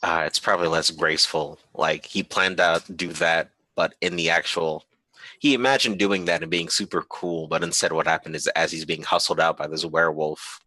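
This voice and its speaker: A man's voice: low voice, fairly even intonation, normal speed, pushed and bright, no echo. A man playing in a tabletop game, chatting casually and joking about his character. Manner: playful, joking. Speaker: player.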